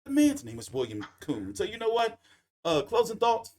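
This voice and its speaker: An American man hosting a casual commentary chat, animated and profane, often acting out quoted voices. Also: very high voice, moderate pace. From United States. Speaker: show host.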